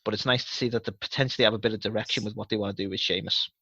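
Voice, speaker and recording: A man's voice: fairly low pitch, fairly even intonation, very fast, sharp tone, breathy edge, no echo, highs cut off. A man co-hosting a wrestling podcast, chatting casually with rambling sarcastic asides and plenty of swearing. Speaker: podcast co-host.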